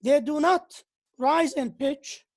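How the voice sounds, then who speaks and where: A woman's voice: high-pitched, takes it slowly, darkish tone. A woman giving a university English lecture. She slips into to explain, and she acts out the example sentences with exaggerated intonation.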